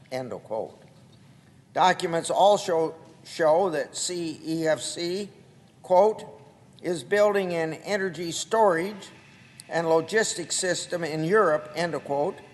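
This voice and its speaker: Older man, senator, formal floor speech, very slow halting delivery, slightly high voice, long hall reverb. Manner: slow, deliberate, halting delivery with marked quotes. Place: large legislative chamber.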